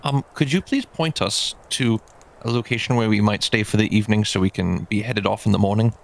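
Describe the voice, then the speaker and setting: A courteous, formal mouse traveler, played by a man, speaking in a low, gravelly voice. He is careful and a touch hesitant, full of pleases. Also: brisk.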